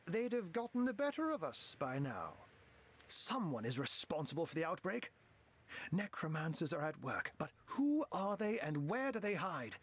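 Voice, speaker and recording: An actor playing a witty, genteel game wizard who turns into a talking cat, speaking in flowery phrases full of cat puns. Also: male voice, a little high, heavily acted. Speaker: game character.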